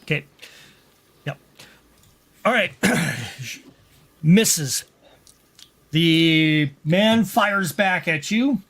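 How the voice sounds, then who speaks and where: A man narrates a tabletop game as its game master, his voice sitting a little high for a man. He takes his time, drawing out descriptions and throwing in sound effects. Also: lively intonation, fairly bright tone. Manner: unhurried, adds sound effects.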